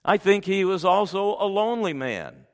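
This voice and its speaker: A man preaching a sermon, reading scripture forcefully and then dropping to soft, tender asides. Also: sits high, expressive, normal speed, smooth. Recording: long hall reverb.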